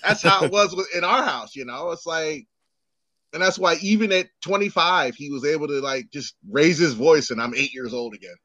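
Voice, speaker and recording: A man in his thirties co-hosting a casual chat, an animated storyteller who swears and acts out quotes. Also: fairly high pitch, moderate pace, no room sound.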